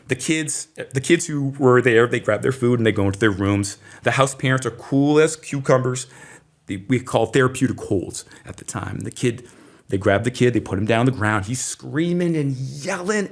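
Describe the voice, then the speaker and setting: Middle-aged man from Maine, interview guest, animated storyteller, voice of average pitch. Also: breathy edge. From Maine, USA. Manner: animated storyteller who acts out quoted voices. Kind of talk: storytelling in conversation.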